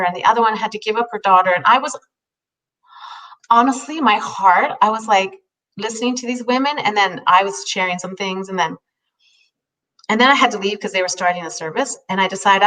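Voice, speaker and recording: A woman telling a heartfelt personal story in a halting way, often restarting her sentences. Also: medium pitch, fairly bright tone, far from the mic, rough recording. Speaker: host.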